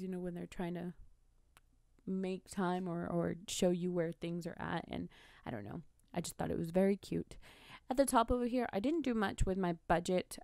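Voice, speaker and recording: A woman with a somewhat low voice narrates her planner in a relaxed, rambling way, often correcting herself and laughing softly. The recording is dry and close, with no room sound. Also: no room sound. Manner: chatty, rambling, self-correcting with small laughs. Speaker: bullet journal vlogger. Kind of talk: casual voice-over narration.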